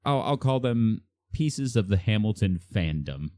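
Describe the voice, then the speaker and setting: A man's voice: lowish voice, big pitch swings, unhurried, darkish tone, no echo. A man co-hosting a casual podcast, reading out quiz items with many hesitations. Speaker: podcast co-host running a quiz. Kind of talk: casual chat.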